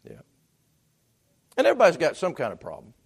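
Male pastor, high and lively delivery, casual preaching with loud bursts and quiet asides. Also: quick pace, vocal fry, breathy edge. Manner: conversational, repeats words and restarts. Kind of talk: sermon.

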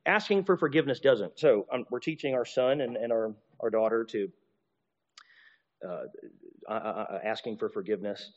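Heard through a dull, heavily reverberant recording, a pastor or teacher preaches in a mid-range voice at normal speed. He's animated, restarting and repeating words often, and acts out apologies using different voices.

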